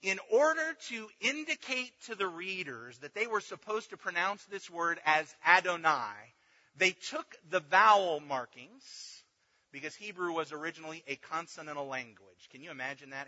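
A man with a rather high, very bright voice teaches a Bible class, explaining step by step and checking in as he goes. The sound is dull, and a long reverb hangs in the hall around him. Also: expressive, normal speed. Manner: explanatory, checks in with "okay" and "right".

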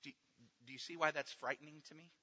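A man preaching a sermon, swinging between loud emphatic lines and hushed ones. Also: a little high, steady tone, quick pace, husky. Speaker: pastor. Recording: dull echoey hall.

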